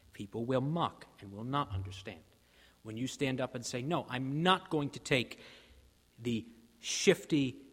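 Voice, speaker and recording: A man preaching a sermon, emphatic, rising in force on key lines and dropping low for quoted voices. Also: fairly bright tone. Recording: hall reverb.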